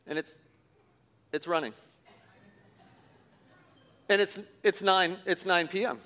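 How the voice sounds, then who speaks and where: A middle-aged man, a pastor, telling a self-deprecating story in a sermon, animated and chuckling as he goes. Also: high-pitched, slow. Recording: long hall reverb.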